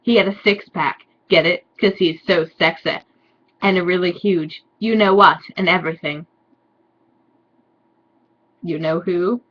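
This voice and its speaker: A woman giving a sarcastic dramatic reading with deadpan, mocking asides. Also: on the low side, normal speed, slightly rough, highs cut off. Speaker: reader and commentator.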